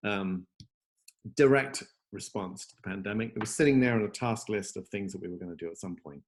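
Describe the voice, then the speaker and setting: A man's voice: on the low side, a little fast. A man hosting a casual video-call chat, demoing his app from home in an upbeat, rambling way with lots of fillers and restarts. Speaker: software company host demoing his app.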